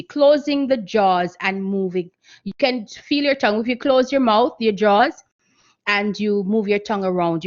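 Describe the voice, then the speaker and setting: A woman giving an online seminar lecture on speech and voice training, explaining slowly with frequent fillers. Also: fairly high pitch, lo-fi sound. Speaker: guest speaker on voice training.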